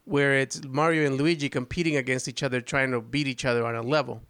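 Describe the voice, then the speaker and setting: A man's voice: medium pitch, steady tone, fast, fairly bright tone, clean tone, dry recording. A man hosting a podcast, telling a rambling story with restarts and frequent laughter. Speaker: podcast host. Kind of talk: casual chat.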